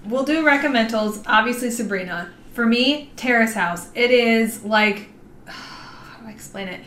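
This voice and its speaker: A woman's voice: fairly high pitch, a little slow, a bit bright. A woman co-hosting a podcast, chatting casually and animatedly, acting out little quotes as she tells stories. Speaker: podcast co-host. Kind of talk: casual chat. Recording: echoey room, faint noise.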